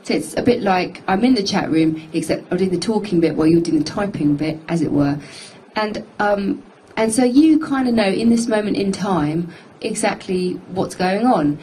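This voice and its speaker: A woman's voice: medium pitch, animated, normal speed, warm tone, slight background noise, rough recording. A woman in her thirties hosting a casual studio live stream, chatting in a rambling, self-mocking way. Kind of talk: casual chat. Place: music studio.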